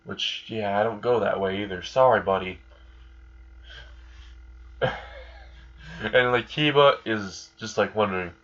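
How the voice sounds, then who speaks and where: A man's voice: on the low side, measured pace, pauses often, fairly bright tone, muffled recording. A man casually narrating a fan story, rambling and profane, chuckling at his own jokes.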